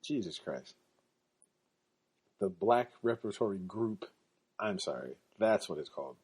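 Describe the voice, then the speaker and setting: A man hosting a podcast, telling casual stories in an animated, slangy way and laughing often. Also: on the low side, measured pace, husky. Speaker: podcast host. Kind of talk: casual storytelling.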